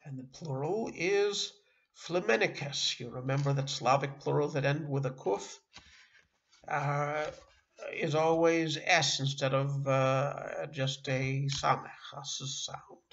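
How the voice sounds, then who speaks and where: A middle-aged man teaching a beginner language lesson online, halting often with fillers and restarting words. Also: on the high side, steady tone, creaky, fairly bright tone, muffled recording. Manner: halting, with frequent uh and self-corrections. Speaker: Yiddish teacher.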